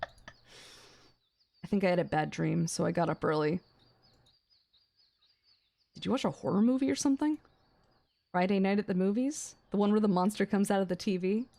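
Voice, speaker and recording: A young adult woman streamer reading a visual novel aloud on a gaming stream, excitable and swearing between gasps and laughs. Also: medium pitch, normal speed, vocal fry, long pauses.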